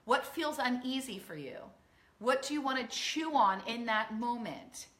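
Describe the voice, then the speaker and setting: A woman coach talks to her online audience in an earnest, emphatic way, slipping into the inner voices she describes. Her tone is bright and forceful. The room around her is echoey. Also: on the high side, unhurried. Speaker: weight-loss coach. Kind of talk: live-streamed coaching talk.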